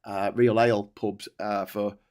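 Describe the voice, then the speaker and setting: A man with a Liverpool accent hosting a casual livestream chat, animated and joking with quick bursts of laughter. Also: fairly low pitch. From Liverpool, England. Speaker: host.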